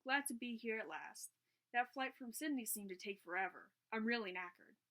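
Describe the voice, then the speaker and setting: A woman's voice: on the high side, sing-song, normal speed, fairly bright tone. A woman reading aloud, voicing a breezy, tall young Australian woman cyclist in a storybook.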